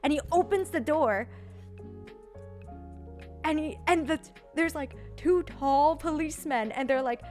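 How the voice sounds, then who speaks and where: A young woman streamer telling a story casually, animated, with lots of "like" and some swearing. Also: high voice, normal speed, soft background music.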